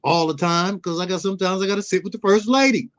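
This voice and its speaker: High-voiced middle-aged man telling stories. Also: fast talker, a bit bright. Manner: storytelling, acts out quoted dialogue. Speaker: guest, youth mentor. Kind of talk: casual conversational interview.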